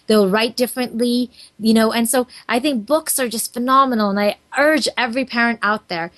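A woman in her thirties, a guest on a talk show, speaking earnestly and telling stories in an animated way. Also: fairly high pitch, a little fast. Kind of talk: casual interview talk.

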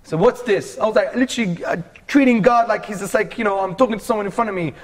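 A man's voice: sits high, fast. A man in his forties from England, earnestly telling his life story as a guest in a casual interview and calling the host bro.

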